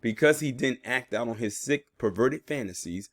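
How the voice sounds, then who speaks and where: A man's voice: mid-range voice, lively intonation, normal speed, no room sound, clean studio sound. A man in his early thirties doing news commentary, reading reports aloud and reacting with emphatic disbelief. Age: 30s. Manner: incredulous, emphatic, drawls when outraged. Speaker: commentary YouTuber.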